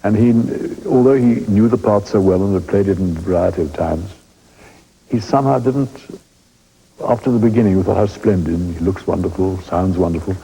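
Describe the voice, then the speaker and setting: An elderly English man with a very husky, breathy voice that sits low and mellow. He tells wry, anecdotal stories from the stage and chuckles often as he reminisces. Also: brisk, poor audio. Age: 80s. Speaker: veteran stage actor interviewed. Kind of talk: reminiscing interview.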